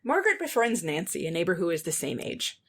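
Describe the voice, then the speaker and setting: Woman, fairly low voice, podcast co-host, plot summary, dry wry asides. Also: big pitch swings, fast talker, a bit bright, breathy edge. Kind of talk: casual film review chat.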